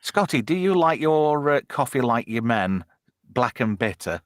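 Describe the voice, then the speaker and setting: A man's voice: mid-range voice, big pitch swings, unhurried, dry recording, studio quality. A middle-aged man hosting a casual live stream, swearing freely and teasing his co-hosts. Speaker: host.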